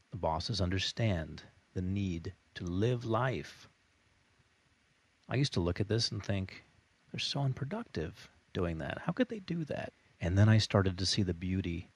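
A man teaching a recorded online course lesson with an emphatic, repetitive, motivational delivery. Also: low-pitched. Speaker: course instructor.

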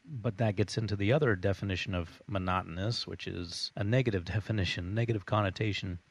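Male hypnotherapist, deliberate instructional delivery, somewhat low voice, dry close recording. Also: creaky, no room sound. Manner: calm, deliberate, demonstrates voice changes. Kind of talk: instructional talk on self-hypnosis.

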